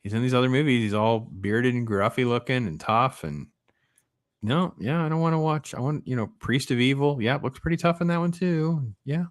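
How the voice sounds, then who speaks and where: A man hosting a casual movie review chat, rambling and animated, often trailing off and restarting. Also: medium pitch, normal speed. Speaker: podcast host.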